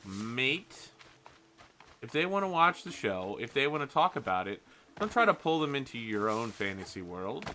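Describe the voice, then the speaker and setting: A man talking over his gameplay in a very bright, sharp voice. He rants in a blunt, exasperated way, and his pitch sits in a middle register. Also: very animated, normal speed, a little hiss or hum. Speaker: gaming channel host. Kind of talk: let's play commentary.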